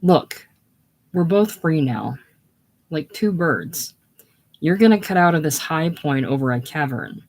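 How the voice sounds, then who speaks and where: A reader voicing a boastful, defensive young male war buddy in a casual play reading, slow and blustery. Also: mid-range voice, expressive. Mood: blustering.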